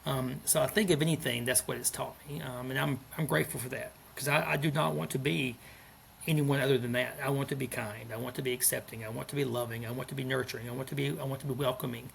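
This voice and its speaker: A deeply gravelly man in his fifties talks in a gentle, earnest, reflective way as a podcast guest. He often restarts his sentences, and his pitch sits in an ordinary middle range. A faint hiss runs underneath. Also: steady tone, quick pace. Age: 50s. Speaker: school principal, guest.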